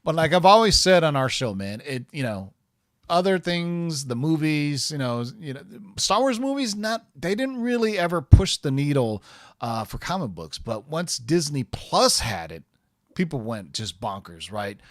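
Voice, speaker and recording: A man's voice: a little high, sing-song, moderate pace, no echo, studio quality. A man hosting a comic podcast in casual chat, rambling with lots of fillers. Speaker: podcast host.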